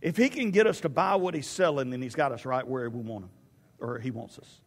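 A man preaching a sermon, animated and storytelling, with stammered restarts. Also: mid-range voice, brisk, long reverb tail.

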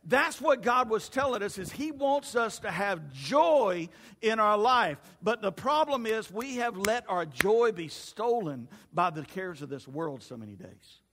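Casting: male pastor, high voice, animated and joking with the congregation, long church reverb. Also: measured pace. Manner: animated and humorous, talks to the congregation. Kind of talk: sermon.

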